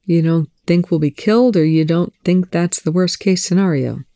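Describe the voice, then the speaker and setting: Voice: mid-range voice, normal speed, dark tone, no room sound, clean studio sound, lightly acted. Volker, a reader voicing a grumbling sarcastic man. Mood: wry, low. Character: grumbling sarcastic male captive. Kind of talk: audiobook reading of fan fiction.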